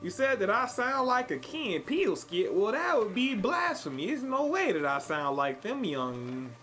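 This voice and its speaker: A man's voice: high voice, big pitch swings, moderate pace, pushed and bright. Streamer man in a put-on cowboy drawl. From Chicago. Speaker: live streamer. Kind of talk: live gameplay stream chat.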